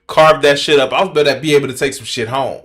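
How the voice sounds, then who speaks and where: A man's voice: mid-range voice, fast talker, fairly bright tone. A man streaming and reacting to a video in casual, profane, incredulous commentary.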